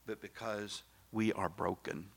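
A middle-aged male pastor preaching a sermon, emphatic and swinging from soft, low asides to loud exclamations. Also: steady tone, measured pace, creaky.

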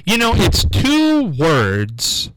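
A man hosting a call-in radio quiz show, coaxing callers with repeated questions and reading out the phone number slowly. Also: high voice, huge pitch swings, a bit bright, no echo, rough recording. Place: radio studio.

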